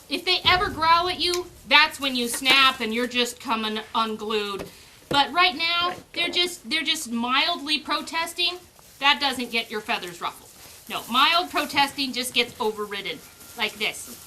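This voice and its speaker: A woman with a high, bright, ringing voice explains how she raises her pups, chatting easily and breaking into sing-song baby talk to them. She is recorded outdoors on a farm, and there is a faint hiss of noise behind her. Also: lively intonation, unhurried. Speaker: dog breeder. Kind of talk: casual explaining while handling puppies.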